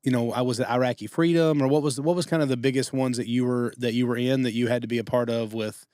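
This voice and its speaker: A man's voice: mid-range voice, steady tone, quick pace, a little mellow, dry recording. Male podcast host, mid-range voice, casual interviewer, dry studio sound. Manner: interjects short reactions and questions.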